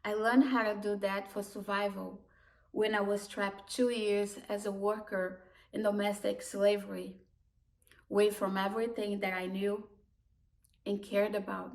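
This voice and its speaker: Woman, personal storyteller, slow and halting, emotional restarts, voice set back from the mic. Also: medium pitch, flat delivery, vocal fry. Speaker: immigrant community worker. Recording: voice distant from the mic.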